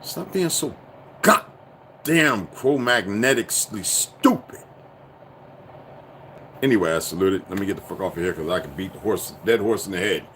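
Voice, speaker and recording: Male streamer, lowish voice, rambling profane monologue, volatile delivery, faint background hiss. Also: expressive, normal speed, long pauses. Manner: profane, rambling, swings from low muttering to loud outbursts. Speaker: livestream host. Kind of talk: casual livestream monologue.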